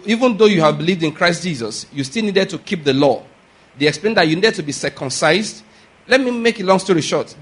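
Middle-aged male pastor, slightly high voice, emphatic sermon delivery. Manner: earnest, emphatic, repeats points and checks with listeners.

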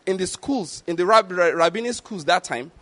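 High-voiced man preaching a sermon. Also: expressive, normal speed, a bit bright. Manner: emphatic, asks listeners if they get the point, chuckles often; acts out quoted voices in a high pitch.

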